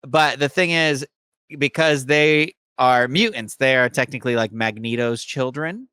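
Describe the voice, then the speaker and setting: A man's voice: medium pitch, measured pace, sharp tone, clean tone, no echo. A man co-hosting a podcast, eagerly explaining things in a rambling, casual chat. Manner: enthusiastic, rambling fan explanations. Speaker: podcast co-host.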